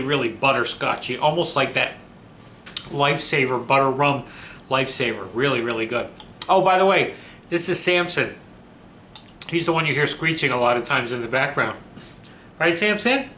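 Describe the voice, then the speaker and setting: A man's voice: mid-range voice, animated, moderate pace, pauses often, pushed and bright, slight background noise. Chatty man hosting a cooking vlog. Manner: chatty, upbeat, laughs often. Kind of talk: casual cooking demonstration. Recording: echoey room with faint ambience.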